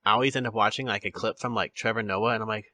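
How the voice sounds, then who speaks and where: A man's voice: on the low side, fairly even intonation, fast talker, sharp tone, no echo, clean studio sound. A man hosting a podcast in casual chat, rambling with restarts and laughing often. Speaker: podcast host.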